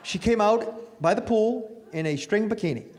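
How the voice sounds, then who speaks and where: Animated middle-aged stand-up comedian man. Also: high-pitched, normal speed, slight background noise. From Italian-American family. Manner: self-mocking, conversational, works the crowd.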